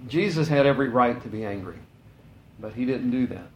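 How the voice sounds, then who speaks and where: A man preaching a sermon in a conversational, animated way, with casual asides. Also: medium pitch, brisk, echoey room, poor audio.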